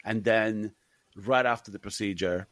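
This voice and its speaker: A man's voice: lowish voice, a little slow, fairly bright tone, no echo. A man co-hosting a film podcast, talking animatedly with lots of swearing and laughter. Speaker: podcast co-host. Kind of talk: casual film chat.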